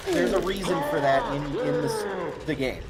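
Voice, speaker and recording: A man's voice: fairly high pitch, moderate pace, loud music behind the voice. A man hosting a gaming stream, chatting casually and laughing often, restarting his sentences. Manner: animated, laughing, many restarts. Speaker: stream host.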